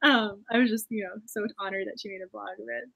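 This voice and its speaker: A woman's voice: mid-range voice, fairly even intonation, quick pace, vocal fry, sharp tone. A woman hosting a writing live stream, gushing and emotional, full of fillers and laughter. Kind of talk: casual live-stream chat.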